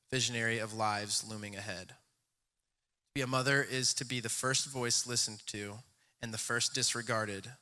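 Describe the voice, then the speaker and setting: A man reading a poem aloud slowly and deliberately in front of a church congregation. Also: mid-range voice, sharp tone. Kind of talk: poetry reading.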